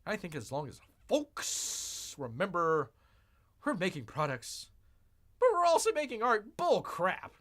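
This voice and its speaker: Animated, bright-voiced male streamer. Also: high-pitched, unhurried. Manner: sarcastic, animated, mock-exasperated reactions. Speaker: streamer host. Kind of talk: live-stream commentary.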